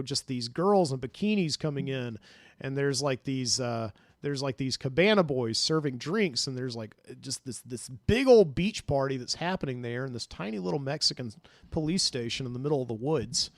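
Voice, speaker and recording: A man's voice: mid-range voice, dry recording. Rambling male storyteller with a dry sound. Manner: rambling, with many fillers. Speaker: podcast host. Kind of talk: dream storytelling. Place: studio.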